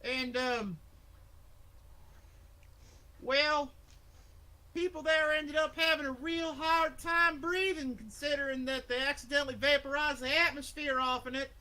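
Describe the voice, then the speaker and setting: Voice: high-pitched, fairly even intonation, a little slow, long pauses, pushed and bright. A game master voicing a folksy, drawling spacer man at a remote station who swears freely and uses backwoods slang. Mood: astonished. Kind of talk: voicing a character in a tabletop game.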